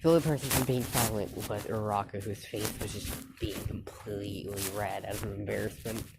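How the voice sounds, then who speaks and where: A woman telling an improvised fan story in a halting, loose way, with quick quoted lines. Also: very deep voice, steady tone, vocal fry, heavy background noise.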